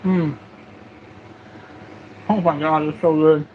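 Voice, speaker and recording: A man's voice: on the high side, little pitch movement, takes it slowly, phone-quality sound. A young man hosting a casual vlog, joking and chatting while he eats, with a faint hum in the background. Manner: laid-back, jokey, talks while eating. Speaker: gun channel host. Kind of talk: casual cooking vlog chat.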